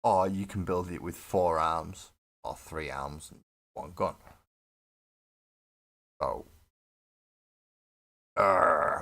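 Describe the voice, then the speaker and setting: Low-voiced guy streaming his model build, rambly, swears a lot, jokes at his own expense. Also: extremely slow, gravelly, pauses often, bright, forceful tone. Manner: rambling, self-mocking, swears freely. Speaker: hobby streamer building a miniature. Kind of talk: casual live-stream chat while building. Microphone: desk webcam setup.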